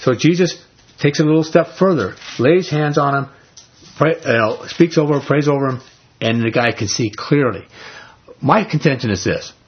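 A man's voice: medium pitch, normal speed, dull audio, a little hiss or hum. A man leading an informal Bible study. He retells scripture in everyday speech and keeps asking the group rhetorical questions.

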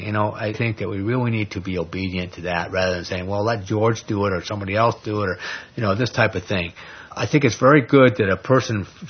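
A man teaching an informal Bible study, retelling scripture in a conversational, animated way with plenty of fillers. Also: lowish voice, husky. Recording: dull lo-fi recording.

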